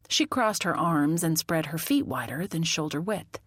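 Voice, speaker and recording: A woman narrating a mystery audiobook in the first person, with expressive, lively storytelling. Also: sits low, normal speed, hardly any pauses, slightly rough, no echo, studio quality.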